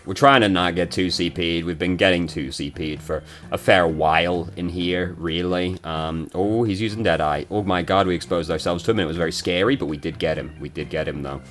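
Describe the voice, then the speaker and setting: A young man giving casual, swearing-prone commentary while reviewing someone's gameplay, with quick asides to the viewer. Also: low voice, fairly bright tone. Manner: swears and rants when frustrated, quick asides. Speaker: game reviewer.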